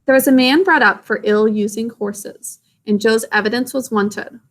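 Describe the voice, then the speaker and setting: A woman reads a storybook aloud to children, stopping to ask them gentle questions and explain words. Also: fairly high pitch, moderate pace. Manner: gentle questions to young listeners.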